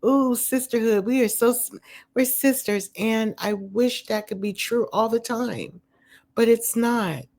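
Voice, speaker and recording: A woman's voice: on the high side, measured pace, a little mellow. A woman vlogger casually recapping a reality show at home, rambling with lots of "you know" and "um" fillers and giving candid opinions. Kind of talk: casual chatty recap commentary. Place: home with a dog nearby.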